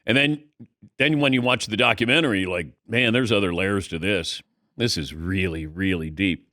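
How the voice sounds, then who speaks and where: A man's voice: on the low side, moderate pace, no echo. A middle-aged man hosting a sports talk show, telling stories in casual studio chat, acting out quotes and laughing as he goes. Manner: animated storyteller, acts out quotes, laughs mid-sentence. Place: radio studio.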